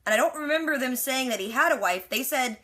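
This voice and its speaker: A woman's voice: high voice, expressive, quick pace, fairly bright tone. A woman giving a casual, chatty recap of a TV episode, full of "like" and sarcastic asides. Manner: quotes characters with lots of "like". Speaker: TV reaction recapper.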